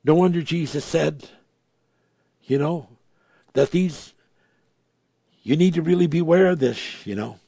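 A man preaching a sermon, moving between hushed, reverent asides and emphatic, raised passages as he quotes and explains scripture. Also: fairly high pitch, unhurried, pauses often, breathy edge, no room sound.

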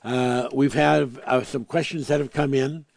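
A man with a steady, creaky mid-range voice preaches emphatically in a dry recording. He reads scripture slowly, repeats words to drive points home, and moves between loud proclamations and soft asides.

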